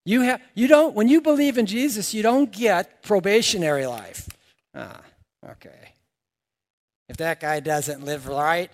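A man preaching a sermon to his congregation in an animated, joking way, asking them questions. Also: high-pitched, a little slow. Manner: animated, jokey, asks the congregation. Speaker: pastor. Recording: long reverb of a church hall.

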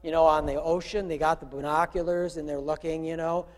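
A man, the pastor, giving a conversational sermon, asking his congregation questions and swinging from quiet talk to loud calls. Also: on the high side, little pitch movement, brisk, big-room sound. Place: church room with a congregation.

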